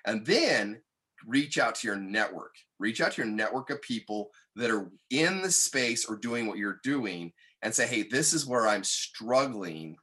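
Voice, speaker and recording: A man guest on a podcast, telling a personal story in an earnest, candid way that turns animated when he quotes others. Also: on the low side, moderate pace, husky.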